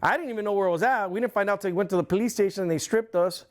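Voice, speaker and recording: A man's voice: high voice, racing. A middle-aged man talks bluntly in an interview, his speech heated and thick with profanity. He tells his story casually, defending himself point by point. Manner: blunt, heated, swears constantly. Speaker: interview guest, former club president.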